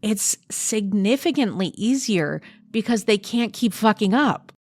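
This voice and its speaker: A woman's voice: mid-range voice, animated, measured pace, a little mellow, no room sound, clean studio sound. A woman speaking as a podcast guest, talking frankly and reflectively, swearing freely as she chats. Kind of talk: candid conversational chat.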